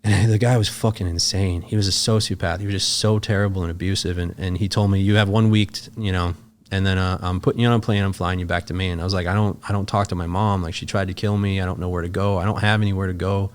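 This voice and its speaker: Man, young adult, low voice, podcast guest, casual storytelling, emotional, profane. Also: quick pace. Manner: emotional, profane, animated retelling with quoted dialogue.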